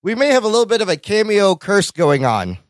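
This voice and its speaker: A man with a somewhat high voice hosts a casual podcast chat. He talks eagerly and often restarts his sentences. The sound is dry and close, with no room echo. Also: big pitch swings, brisk. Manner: talkative, enthusiastic, many restarts. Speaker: podcast host.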